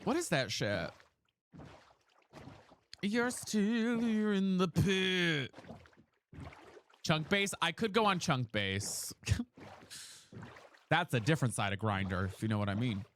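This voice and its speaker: A game streamer chatting live with viewers while playing, profane and excitable, swinging between low grumbles and loud squeals. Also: unhurried, slight background noise.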